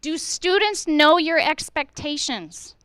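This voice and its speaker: A middle-aged woman with a high, bright voice speaks to a room of educators with earnest conviction. She presses her point with a string of rhetorical questions and acts out the lines teachers might say to students. The recording is close and dry. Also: takes it slowly, no echo. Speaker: school administrator speaking to educators. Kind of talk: presentation at a staff meeting.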